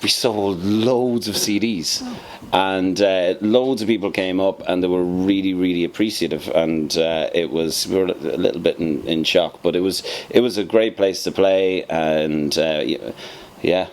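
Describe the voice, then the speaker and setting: Deep-voiced hesitant male band member. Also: fairly even intonation, measured pace, slight background noise. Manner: hesitant, many fillers and restarts. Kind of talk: casual interview chat.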